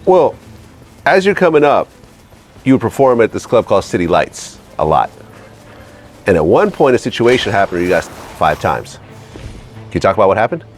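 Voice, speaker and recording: Low-voiced guy interviewing, lots of ups and downs in his voice, short reactions. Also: very animated, normal speed, long pauses, soft background music. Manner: brief reactions and prompting questions. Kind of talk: interview questions.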